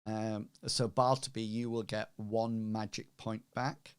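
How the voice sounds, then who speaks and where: Unhurried halting game master man. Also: fairly low pitch, little pitch movement, smooth, no echo. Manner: halting, many ums, unhurried. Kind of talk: narrating a tabletop game.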